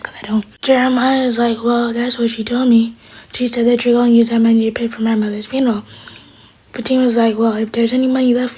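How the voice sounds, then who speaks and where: Female recap vlogger, airy and breathy, a bit high, talks through each scene casually. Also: darkish tone. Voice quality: breathy, half-whispered delivery. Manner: retells scenes through paraphrased quotes.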